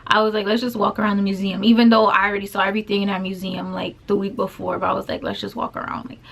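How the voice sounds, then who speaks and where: A woman's voice: medium pitch, little pitch movement, quick pace, vocal fry. A young woman vlogger casually retelling a personal story, full of filler words and quoted back-and-forth exchanges. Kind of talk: storytime vlog.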